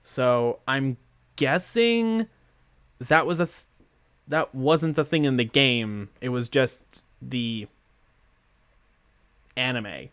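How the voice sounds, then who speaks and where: A man's voice: mid-range voice, lively intonation, slow, long pauses, a bit bright, clear, resonant tone, dry recording. A man casually chatting and rambling while streaming a game, giggling often, on a close microphone. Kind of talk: casual gameplay commentary. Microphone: close mic with pop filter.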